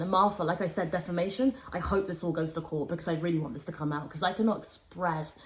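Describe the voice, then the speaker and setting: A young woman hosting a casual storytime podcast, talking animatedly and dropping low and hushed when she quotes people. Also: fast talker, hardly any pauses. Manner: animated, swings between raised exclaiming and low, hushed quoting. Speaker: podcast host.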